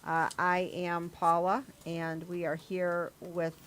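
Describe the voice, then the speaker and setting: A woman's voice: fairly low pitch, monotone, slow, fairly bright tone. A middle-aged woman hosting a casual group chat over a video call, rambling and laughing at herself. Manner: rambling, laughing, self-deprecating. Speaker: host.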